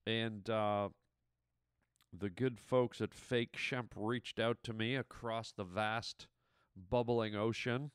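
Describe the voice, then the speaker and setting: A man speaks in a casual recorded message and rambles playfully through a story. His voice is smooth and resonant. The recording is dry and close, with almost no room sound. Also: lowish voice, steady tone, slow, dry recording. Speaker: actor and comedian.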